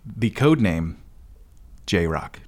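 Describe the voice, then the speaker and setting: A man's voice: deep voice, expressive, drawn-out words. A male podcast host chatting casually with a guest, laughing easily and rambling loosely. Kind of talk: casual interview chat.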